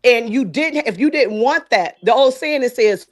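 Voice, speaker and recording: A woman giving her opinions on a live stream discussion, making emphatic, repetitive points at a deliberate pace. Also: a little high, animated, faint music behind. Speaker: guest commentator.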